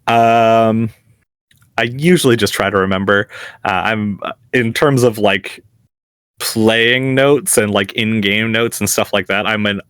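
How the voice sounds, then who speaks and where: A man's voice: fairly low pitch, unhurried, fairly bright tone, clear, resonant tone, no echo, clean studio sound. A man and game master, chatting as a guest in an interview, easygoing and chuckling at himself. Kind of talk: casual interview.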